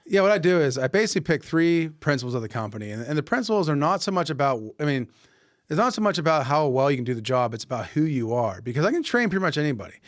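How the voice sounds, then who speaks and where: A man's voice: on the high side, fast, no room sound, studio quality. A man hosting a podcast, telling a story casually and acting out the dialogue, often restarting his sentences. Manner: animated anecdote-telling, acting out quoted dialogue with many restarts. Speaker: podcast host.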